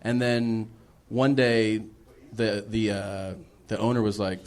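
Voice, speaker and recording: A man's voice: on the low side, fairly even intonation, takes it slowly, darkish tone. A man telling a profane comic story as a podcast guest, laughing while he acts out the dialogue. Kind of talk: casual comedic storytelling.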